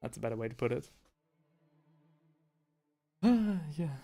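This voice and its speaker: A man's voice: mid-range voice, very animated, slow pace, gravelly, pauses often, dark tone. A man hosting a casual live stream while painting miniatures, rambling and correcting himself as he reads the chat aloud. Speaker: livestream host painting miniatures. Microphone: headphones with desk mic.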